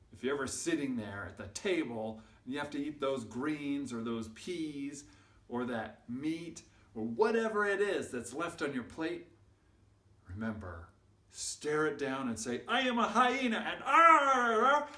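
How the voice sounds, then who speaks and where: A man spinning a goofy tale for kids, swinging between quiet asides and big, bellowing peaks. His voice sits in a middling pitch and comes across roomy, from a mic set some distance away. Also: animated, measured pace. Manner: exaggerated, builds up to loud shouts. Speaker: storyteller and channel host. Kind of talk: animated children's storytelling.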